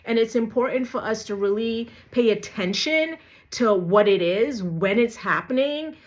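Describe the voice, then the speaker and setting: A woman's voice: on the high side, expressive, a little slow. A woman vlogger giving casual, emphatic advice to camera, asking rhetorical questions and tagging points with "right?" and "you know". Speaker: YouTube vlogger.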